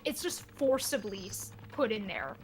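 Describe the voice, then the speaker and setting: A young woman chatting casually as a guest, easygoing and quick to laugh. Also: medium pitch, big pitch swings, slight background noise. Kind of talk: casual chat.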